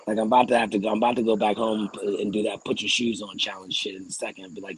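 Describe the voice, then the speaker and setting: A young adult man, a podcast co-host, telling a story in a casual, profane, animated way and acting out the people he argued with. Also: fairly low pitch, very fast, few pauses, husky, low-quality recording. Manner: animated, profane, acts out quoted exchanges.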